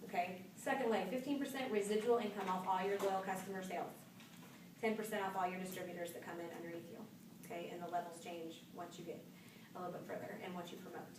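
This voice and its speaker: A woman's voice: fairly low pitch, fairly even intonation, fast talker. Upbeat woman trainer telling stories to a group, heard from across an echoey noisy room. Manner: chatty, storytelling, upbeat. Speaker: sales trainer. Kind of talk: live training talk. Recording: echoey room from far off with noise.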